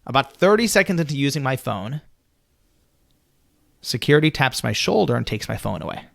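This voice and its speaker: A man telling a story as a podcast guest, animated and full of "you know" fillers. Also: medium pitch, a little fast, gravelly.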